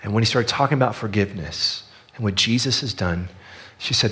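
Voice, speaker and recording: A man preaching a sermon as pastor, telling a story earnestly and dropping his voice softly on the key lines. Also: fairly low pitch, fairly quick.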